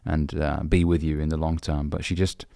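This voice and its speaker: A man's voice: extremely low pitch, little pitch movement, normal speed, creaky, warm tone, no room sound, studio quality. A young man from the UK, a dating coach, giving blunt, brotherly advice and swearing casually. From United Kingdom. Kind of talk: direct-to-camera advice talk.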